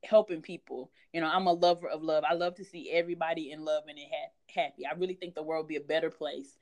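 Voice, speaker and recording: A woman's voice: low voice, little pitch movement, fast, darkish tone. A woman guest author talking candidly in an interview, chatty and frank, with many fillers.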